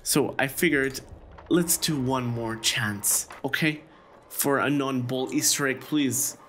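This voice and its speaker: A man giving casual, excitable commentary while playing a video game, chatting to viewers and squealing when surprised. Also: medium pitch, slow pace, slight background noise. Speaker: gaming YouTuber.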